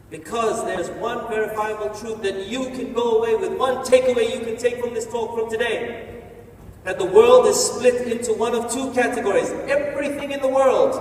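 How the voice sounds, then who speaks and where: A man giving an energetic, playful motivational talk on stage in a large hall, telling the audience what to do. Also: extremely high pitch, slight background noise. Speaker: motivational speaker. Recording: echoey hall from far off, faint ambience.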